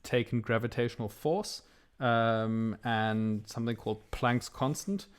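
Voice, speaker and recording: A man's voice: mid-range voice, measured pace, clean tone. A young man co-hosting a comedy podcast, talking casually with plenty of "um" and "like". He rambles loosely through explanations in a mid-range voice. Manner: rambling, explains with many fillers. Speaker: podcast co-host.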